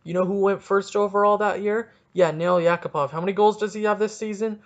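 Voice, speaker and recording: Excitable rambling man with a stuffy nose. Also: high voice, fairly quick. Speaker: podcast host. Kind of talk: casual solo sports podcast.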